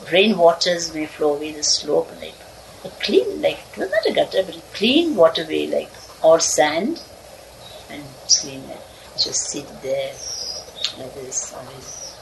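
A woman recalls a childhood story in a casual, wandering way, often laughing between lines. Her low voice is expressive and a little slow, picked up by a distant mic with clear background noise.

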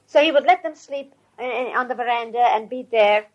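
An older woman tells a story in a rambling, chatty way, her voice husky and fairly high. The recording sounds dull and lo-fi, like old tape. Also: fairly quick. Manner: rambling, conversational, with restarts. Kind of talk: casual anecdotal storytelling.

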